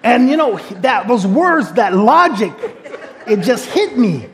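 A middle-aged man preaching, telling a humorous personal story with lively quoted dialogue. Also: very high voice, takes it slowly. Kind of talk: storytelling sermon.

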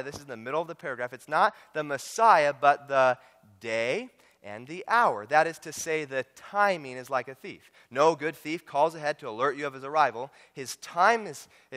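A man's voice: on the high side, fairly bright tone. A man preaching a sermon through a Bible study guide, emphatic, repeating words and calling out to his congregation. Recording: long reverb of a large hall.

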